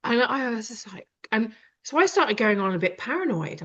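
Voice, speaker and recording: A woman's voice: a little high, animated, moderate pace, a bit bright. A British woman hosting a live conversation, talking directly and rambling with many fillers. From Britain. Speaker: host. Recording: dull lo-fi sound.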